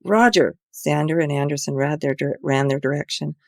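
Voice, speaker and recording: A woman's voice: sits low, level tone, fairly quick, creaky, a little mellow, no room sound, studio quality. A woman author reading her own mystery novel aloud in an earnest, amateur way.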